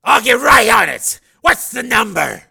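A man reading a crime novel aloud, voicing a gruff, urgent police chief who barks his lines. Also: very high-pitched, big pitch swings, unhurried, bright, forceful tone, pitched above the performer's own voice, full character voice. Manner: barking, urgent. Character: frantic, gruff male police strike force chief.

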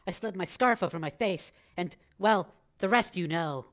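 A man's voice: high-pitched, normal speed, fairly bright tone, voice pushed up. A man putting on a wry young woman.

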